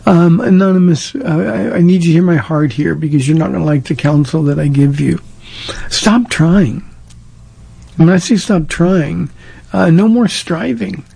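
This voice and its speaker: A man's voice: fairly high pitch, normal speed, gravelly, warm tone, husky. A man from Southern California, a pastor answering listener questions in a plain-spoken, direct way and telling stories from his life. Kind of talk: casual call-in advice talk.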